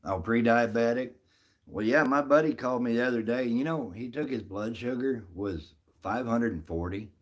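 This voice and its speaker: A man's voice: medium pitch, normal speed. A middle-aged man casually chatting on a live stream, answering viewers by name in a folksy, easygoing way. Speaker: livestream host reading chat.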